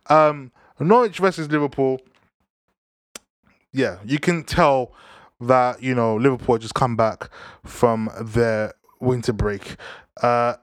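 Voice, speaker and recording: A young man, giving casual football banter in an animated, slang-heavy way. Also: medium pitch, dry recording, clean studio sound. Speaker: football vlogger.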